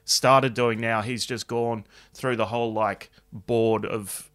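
A man chats through the gossip in a loose, unhurried way. His voice sits at an everyday middle pitch, and he drops in casual swearing as he tells a story. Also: fairly even intonation, a bit bright. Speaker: podcast co-host.

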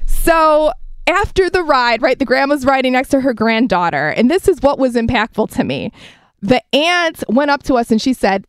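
A woman's voice: high voice, lively intonation, moderate pace, dry recording, studio quality. A woman co-hosting a morning radio show, chatty and emotional as she shares an inspirational story. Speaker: radio co-host.

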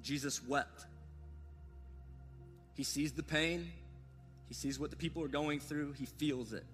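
A man's voice: a little high, fairly even intonation, normal speed. A man preaching a sermon as pastor, earnest and repetitive, speaking straight to his listeners. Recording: long hall reverb with faint music.

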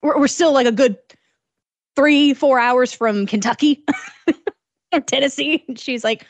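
Woman, podcast co-host, animated storyteller, bright higher voice, dry close sound. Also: moderate pace, no echo. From southern Illinois. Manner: animated, laughs often, storytelling. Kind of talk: casual chat.

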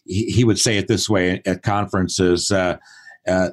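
A man's voice: low-pitched, steady tone, normal speed. A man in his sixties, a guest on a podcast, who talks thoughtfully and often acts out remembered conversations. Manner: thoughtful, acts out quoted dialogue. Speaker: podcast guest, performance consultant. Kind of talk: casual interview talk.

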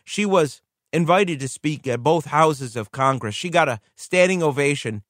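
A man's voice: on the high side, expressive, moderate pace, a bit bright, dry recording. Man preaching a story, earnest and reverent, dry close sound. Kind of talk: sermon storytelling.

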